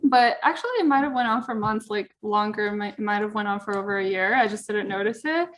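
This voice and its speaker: A woman's voice: mid-range voice, fast, fairly bright tone, slight background noise. A woman chatting casually as a podcast guest, earnest and rambling, with lots of fillers. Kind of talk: casual chat.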